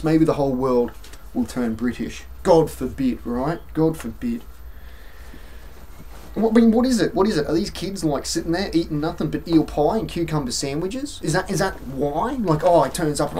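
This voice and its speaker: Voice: medium pitch, dark tone, slight background noise. An Australian-accented vlogger delivering an exasperated, sarcastic opinion rant to camera, with mocking asides.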